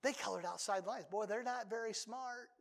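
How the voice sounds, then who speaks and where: An older man preaching a sermon as a pastor, talking conversationally and breaking into sudden loud outbursts. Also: high voice, fairly quick, vocal fry, in a large hall.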